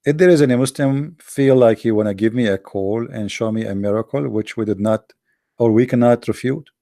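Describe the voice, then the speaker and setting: Guy hosting a stream, blunt and scornful, gravelly voice, dry close mic. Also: mid-range voice, fairly quick, dark tone, dry recording. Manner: blunt, scornful, repeats himself. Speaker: livestream host. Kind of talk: combative religious talk.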